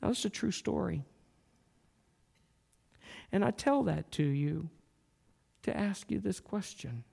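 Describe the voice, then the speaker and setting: A man preaching a sermon, telling a story in a slow, earnest way and dropping to a near-whisper at times. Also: high-pitched, animated, creaky, mellow, slightly rough.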